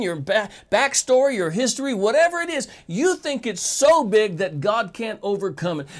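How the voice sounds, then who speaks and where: A man preaching a sermon, talking straight to his listeners with emphatic rhetorical questions. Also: very high voice.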